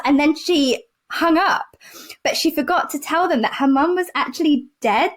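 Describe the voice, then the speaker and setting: A woman doctor telling patient anecdotes in a casual chat, animated and laughing often as she acts out the voices of people she quotes. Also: high-pitched, moderate pace. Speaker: doctor and podcast co-host.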